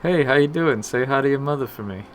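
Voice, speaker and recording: A man's voice: medium pitch, lively intonation, fast, slight background noise, voice pushed up, lightly acted. A man putting on a swaggering, overly friendly tough-guy voice as a celebrity impression. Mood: brash.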